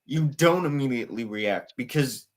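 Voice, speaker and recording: A man's voice: mid-range voice, animated, normal speed. A man hosting a casual sports talk show, emphatic and incredulous as he breaks things down. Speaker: podcast host.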